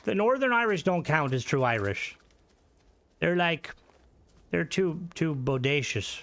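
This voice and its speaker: This man is a gaming streamer on a live broadcast. His voice sits a touch high, and he rambles as he reads and answers chat. He swears freely and flares into excited outbursts mid-game. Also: moderate pace. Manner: excitable outbursts during gameplay. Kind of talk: casual gaming livestream chat.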